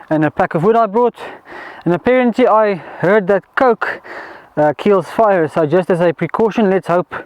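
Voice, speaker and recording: A man's voice: high voice, no room sound, rough recording. A man, vlogging outdoors at a bush campsite, talking loosely with fillers and restarts. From South Africa. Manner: rambling, many fillers and restarts. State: out of breath. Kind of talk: casual camping vlog. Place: outdoors in bushveld at dusk.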